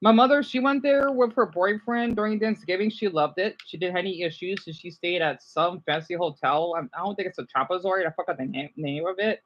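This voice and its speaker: A man chatting casually on a live stream, reacting to viewer comments in a rambling, animated way. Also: sits high, a little fast, hardly any pauses, dull audio. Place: home room, keeping voice down.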